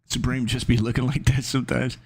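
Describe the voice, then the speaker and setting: A man's voice: mid-range voice, steady tone, fairly quick, husky. A male streamer in casual chat, riffing loosely and reading his chat aloud.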